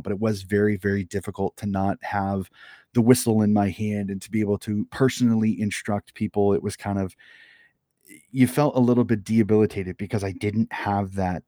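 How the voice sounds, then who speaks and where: Give me an earnest man with a low, dry voice. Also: level tone, moderate pace, dark tone, dry recording. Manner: earnest, restarts sentences often. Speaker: head coach of an amateur Australian rules football club. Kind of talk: casual interview answers.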